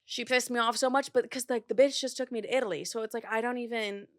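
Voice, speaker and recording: A woman's voice: on the high side, fairly even intonation, fast, dry recording, studio quality. A young woman in her twenties hosting a podcast, chatting casually, filling her talk with "like" and swearing freely. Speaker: podcast host. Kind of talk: casual chat.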